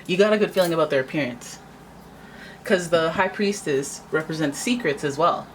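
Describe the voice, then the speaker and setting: A woman's voice: low voice, moderate pace, slight background noise, low-quality recording. A woman giving a casual tarot reading, chatty and dramatic, often acting out what people might say. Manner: chatty, dramatic, acts out quoted voices. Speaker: tarot reader.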